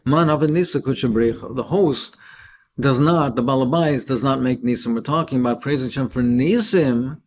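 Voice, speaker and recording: A man's voice: medium pitch, moderate pace, a little hiss or hum. A man teaching a daily Talmud lesson, explaining each Aramaic phrase and translating it.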